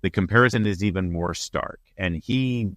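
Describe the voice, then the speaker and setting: A man with a very deep voice hosts a commentary show, talking in a punchy, opinionated way. The sound is dry and close, with no room around it. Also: moderate pace, fairly bright tone, dry recording. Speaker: show host. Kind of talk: political commentary.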